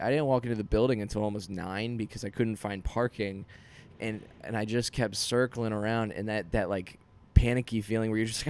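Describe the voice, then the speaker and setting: A man's voice: lowish voice, a little mellow, clear, resonant tone. A young man, a comedian hosting his podcast, telling a rambling, self-deprecating story in casual chat with many restarts.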